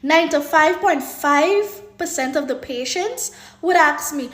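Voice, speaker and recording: A woman, telling a story in an animated, exasperated way. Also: high voice, measured pace. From Guyana. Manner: animated, exasperated, acting out dialogue. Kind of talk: casual vlog storytelling. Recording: roomy echo.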